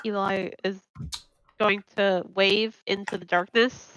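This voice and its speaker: A woman's voice: mid-range voice, steady tone, takes it slowly, fairly bright tone, clean tone, dry recording, low-quality recording. A woman playing in a tabletop game, chatty and eager, often stumbling and restarting her words. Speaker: player. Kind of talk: casual tabletop play.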